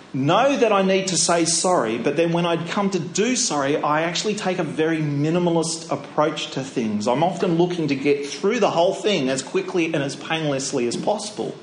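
Middle-aged preacher in a roomy church. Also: male voice, a little high, slight background noise. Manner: conversational, storytelling, with rhetorical questions. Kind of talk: sermon. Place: church sanctuary.

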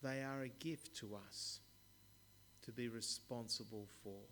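A man preaching a sermon, telling stories in a measured way with occasional stumbles. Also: mid-range voice, fairly even intonation, a bit bright, slight background noise. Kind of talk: sermon with storytelling.

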